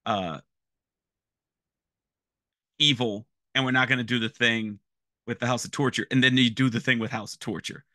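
A man on a casual podcast, calmly explaining and giving his predictions. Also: medium pitch, no echo, clean studio sound. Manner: measured, explanatory, some restarts. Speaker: podcast guest analyst. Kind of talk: casual wrestling chat.

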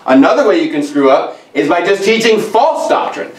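High-voiced preacher in an echoey church. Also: male voice, lively intonation, a little fast, few pauses, distant mic. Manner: emphatic, repetitive preaching with scripture readings. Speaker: pastor. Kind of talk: sermon. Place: church sanctuary.

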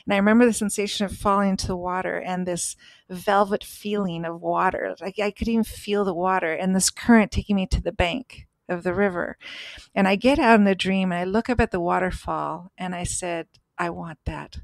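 A woman's voice: medium pitch, fairly even intonation, brisk, no echo. A woman co-hosting a podcast, telling a personal story in an earnest, emphatic way. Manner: earnest, emphatic, acts out voices in stories. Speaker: podcast co-host.

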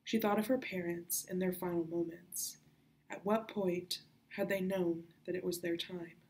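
A woman reads a children's adventure novel aloud, her low voice carrying a gravelly edge. She keeps her narration soft and hushed, slipping into whispers. The pace stays calm and steady. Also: rough recording. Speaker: children's librarian reading aloud. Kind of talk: storybook read-aloud.

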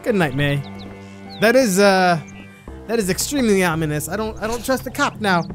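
A man's voice: sits high, lively intonation, fairly quick, music in the background. A male let's play host commenting on a game in a jokey way, laughing at what happens. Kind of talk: gameplay commentary.

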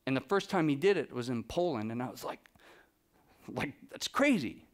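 A man giving a live, animated storytelling talk to an audience as a photographer, acting out the people he quotes by dropping his voice. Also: medium pitch, normal speed. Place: presentation room with a live audience.

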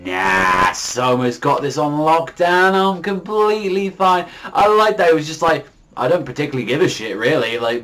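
Man, mid-pitched, casual comic reviewer, slangy and profane, rambling delivery. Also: fairly bright tone. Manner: loose, profane, filler-heavy slang. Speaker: manga reviewer.

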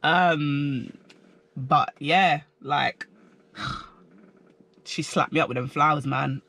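A young man telling a story in a slangy, animated storytime vlog. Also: on the high side, drawn-out words. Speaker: vlogger.

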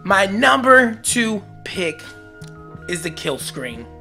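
A man reviewing comic books in a casual vlog, excitable and rambling, teasing his viewers with jokey asides. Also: high-pitched, slow pace, soft background music.

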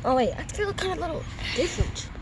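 A woman's voice: sits high, sing-song, quick pace, very noisy. A woman improvising a game role-play, bossy and teasing with casual slang. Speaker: player.

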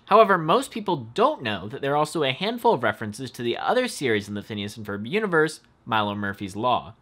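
Upbeat fan-video narrator with a swinging, animated voice, enthusiastic throughout. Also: medium pitch.

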